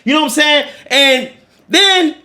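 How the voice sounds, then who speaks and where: Man, very high pitch, sharp bright tone; animated, profane podcast host spinning a story. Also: unhurried. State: winded. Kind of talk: casual storytelling chat.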